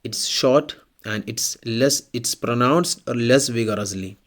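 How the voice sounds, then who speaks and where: A male language teacher delivers a scripted pronunciation lesson slowly and deliberately. His pitch is in a normal middle range, and he repeats each example word twice so it sticks.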